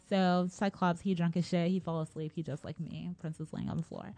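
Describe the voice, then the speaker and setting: A woman's voice: fairly low pitch, normal speed, dark tone, no room sound. A young woman casually retelling a story in a rambling, slangy way, full of fillers and laughs.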